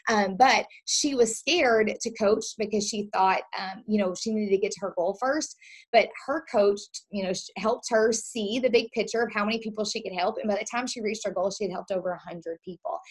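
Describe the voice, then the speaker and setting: Woman coach, upbeat trainer energy, breathy edge. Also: fairly high pitch. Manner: upbeat, acts out quoted lines. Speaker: health coach presenter.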